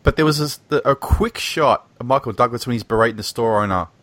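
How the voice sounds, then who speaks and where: Man, casual film chat, blunt, profane, mid pitch, dry room. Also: quick pace, a bit bright, no room sound.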